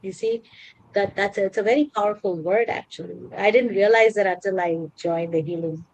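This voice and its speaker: A woman's voice: medium pitch, a little fast, darkish tone, poor audio. A woman co-hosting a podcast, talking in an earnest, casual way with many fillers and restarts. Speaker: podcast co-host. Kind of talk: casual chat.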